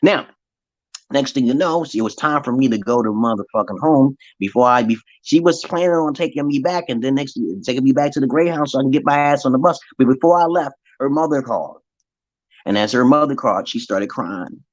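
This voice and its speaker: A man's voice: mid-range voice, fairly quick, no echo. A man telling a long personal story in a casual, profane monologue, acting out the voices he quotes. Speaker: vlogger. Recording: dry, dull lo-fi sound.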